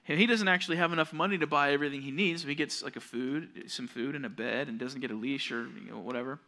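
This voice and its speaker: A young male youth pastor delivers a sermon to junior high kids. His voice is bright, forceful and a little high. He tells stories and acts out the voices he quotes. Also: quick pace, hardly any pauses.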